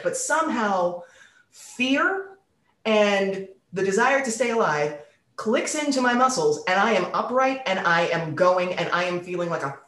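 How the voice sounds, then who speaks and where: Woman storyteller, animated and profane, on a podcast with a roomy echo. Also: mid-range voice. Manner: animated, swears freely, acts out quoted voices.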